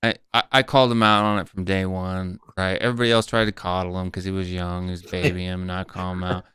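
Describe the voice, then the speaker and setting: Blunt, low-voiced man ranting. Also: level tone, pushed and bright, smooth, no room sound, clean studio sound. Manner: blunt, ranting, drawn-out filler words. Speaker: host. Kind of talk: live post-match fan stream chat.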